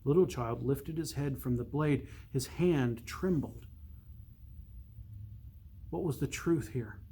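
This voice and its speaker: Slow, measured male storyteller. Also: medium pitch, slight background noise. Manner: slow, measured, hushed for suspense. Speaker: priest reading to children. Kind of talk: storybook read-aloud.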